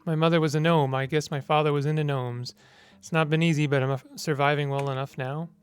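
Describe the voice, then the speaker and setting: A man's voice: fairly high pitch, steady tone, fast talker, clear, resonant tone, soft background music, close to an everyday voice. A man voicing a small, weary half-gnome man. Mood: plain.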